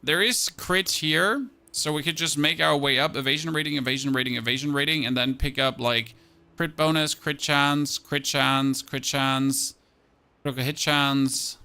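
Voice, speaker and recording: A man's voice: fairly high pitch, fairly even intonation, moderate pace, creaky, sharp tone, clear, resonant tone. A young man streaming a game, thinking aloud about his build and thanking viewers in a chatty way. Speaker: gaming streamer. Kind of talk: live-stream gameplay commentary.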